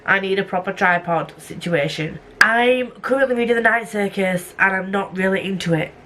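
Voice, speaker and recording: A young woman chats on her book vlog, rambling from one tangent to the next and poking fun at herself. Her voice sits at a middling pitch and is picked up on a camera mic, with faint noise behind it. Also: moderate pace, sharp tone. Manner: rambling, self-mocking, goes off on tangents. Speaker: book vlogger. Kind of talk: casual vlog chat. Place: home room at night.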